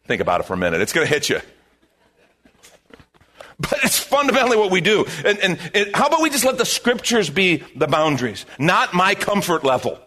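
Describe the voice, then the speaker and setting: A man preaching a sermon as a pastor, in an animated, conversational way, repeating his key phrases. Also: high-pitched, a little fast.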